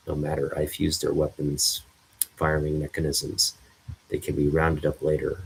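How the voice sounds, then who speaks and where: A man's voice: rumbling low, creaky, sharp tone, slight background noise, exaggerated voice, rough recording. A man doing a cold stern alien hero. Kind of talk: reading a comic aloud.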